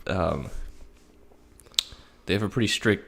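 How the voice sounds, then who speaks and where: Low-voiced man rambling on a podcast. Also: slow pace, vocal fry, a bit bright. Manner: laughing, meandering, filler-heavy. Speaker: podcast co-host. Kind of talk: casual live podcast chat.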